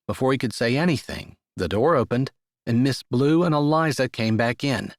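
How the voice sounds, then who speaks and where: A male audiobook narrator reads a romance in a measured, steady storytelling manner. His voice sits in an ordinary middle range. The recording is close and completely dry. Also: medium pitch, no room sound. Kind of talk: scripted narration.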